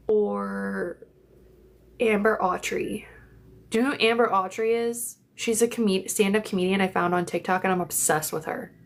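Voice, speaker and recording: Young woman livestream host, loose and chatty, cusses freely, phone mic. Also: medium pitch. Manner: chatty, rambling, swears freely. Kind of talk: casual live chat. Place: home, in bed.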